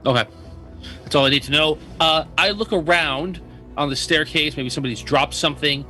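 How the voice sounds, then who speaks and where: A man's voice: a little high, brisk, pushed and bright, faint music behind. A man playing a tabletop game, talking casually and hesitantly, with many ums and restarts. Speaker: player.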